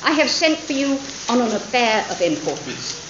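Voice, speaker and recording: A dry, rueful older gentleman speaks with measured irony, as a woman lecturer reads him aloud. The lines rise and fall with lively expression. The sound is roomy and a little dull. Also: a little high, background noise, voice pushed up. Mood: dryly ironic. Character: wry, rueful intelligent older gentleman father.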